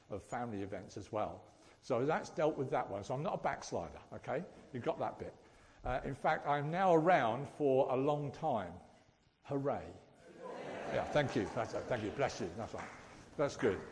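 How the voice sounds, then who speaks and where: A man's voice: mid-range voice, darkish tone, long reverb tail. A man giving a chatty, joking church talk and addressing the congregation directly as lay preacher. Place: church hall.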